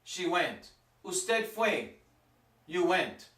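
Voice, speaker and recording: A man teaching a Spanish grammar lesson, repeating each form and stressing it slowly. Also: sits high, very animated, pushed and bright. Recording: echoey room, mic at a distance.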